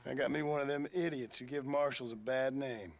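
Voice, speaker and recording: Calm western gunman, played by a man, terse and level. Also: medium pitch, a little fast, gravelly, lightly acted. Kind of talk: video game voice acting.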